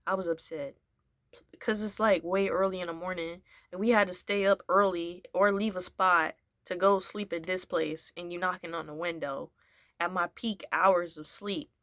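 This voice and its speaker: A woman's voice: lowish voice, normal speed, dry recording, studio quality. A young woman telling a casual story, rambling with many fillers and acting out what people said. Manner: animated, acts out what people said. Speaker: vlogger.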